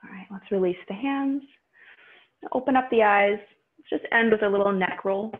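A woman teaching a guided yoga class, calmly cueing breaths and poses. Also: medium pitch, moderate pace. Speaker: yoga instructor. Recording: tinny phone-like audio.

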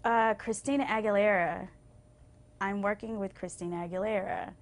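A young adult woman singer telling stories as a TV interview guest, acting out quotes with big swings and going hushed when moved. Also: normal speed. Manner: expressive, acts out quotes with big pitch swings. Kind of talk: animated storytelling in a TV interview. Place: TV station interview.

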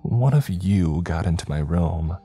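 A man's voice: low voice, expressive, a little slow, mellow, breathy edge, soft background music, exaggerated voice. A man voicing a frightened young woman student who pleads through sobs. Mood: tearful pleading. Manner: pleading, sobbing.

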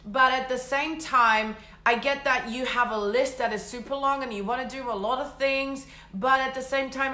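A woman speaks as a mindset coach in a casual, blunt motivational monologue, dropping the odd swear word with plenty of energy. Her voice is sharp and bright. The recording carries a roomy echo. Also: fairly high pitch.

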